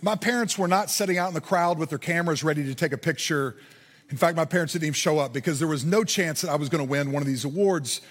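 A man's voice: fairly high pitch, fast talker. A man from Indiana preaching a sermon, telling a personal story and building to earnest emphasis. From Indiana, USA. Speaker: pastor. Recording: hall reverb.

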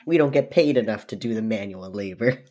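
A woman's voice: extremely low pitch, lively intonation, brisk, warm tone. A woman playing a tabletop game over a video call, joking crudely and laughing often. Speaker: player. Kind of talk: casual tabletop game play. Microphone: video call mic.

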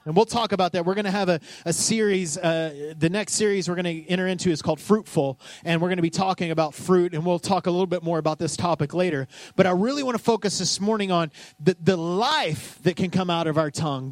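Guy preaching, high voice, dry close sound, jokes around and asks the crowd stuff. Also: no room sound. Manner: conversational, joking, asks the congregation; acts out scripture scenes in voices. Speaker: pastor. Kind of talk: sermon.

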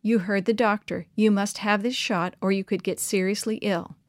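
Woman reading a calm kindly camp pastor. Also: mid-range voice, normal speed, no echo, clean studio sound, close to an everyday voice. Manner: calm, gentle.

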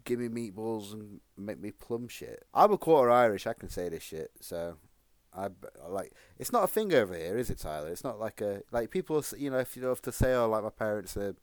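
A man's voice: fairly low pitch, sing-song, a little fast, dry recording. A man, co-hosting a podcast in rambling, crude casual chat full of swearing. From Sheffield, England. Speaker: podcast co-host.

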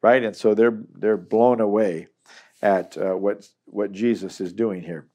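A man's voice: on the low side, fairly even intonation, a little slow, darkish tone. A middle-aged man teaching a Bible chapter in a conversational, earnest way, acting out the people he quotes.

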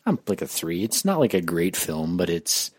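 A man's voice: sits low, very animated, moderate pace, no echo, studio quality. A man giving an offhand, laid-back opinion in a casual movie review chat.

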